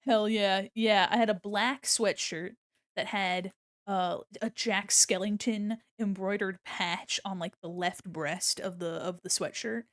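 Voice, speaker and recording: A woman's voice: medium pitch, a bit bright, no echo. Woman streamer, young adult, chatty and giggly, close dry desk mic. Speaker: livestreaming illustrator. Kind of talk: casual chat while drawing on stream.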